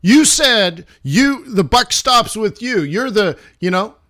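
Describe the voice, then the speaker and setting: Middle-aged male trader, fairly high voice, loose animated livestream talk. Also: slow pace. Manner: animated, rambling, restarts and acted asides. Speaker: forex trader streaming live. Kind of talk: casual livestream commentary.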